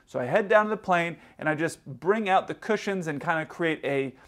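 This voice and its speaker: A middle-aged man with a fairly high voice tells work stories as an airline pilot. He talks loosely and casually, with restarts and quoted dialogue, like an easygoing vlog. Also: moderate pace. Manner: relaxed, rambling, with frequent restarts and quoted dialogue.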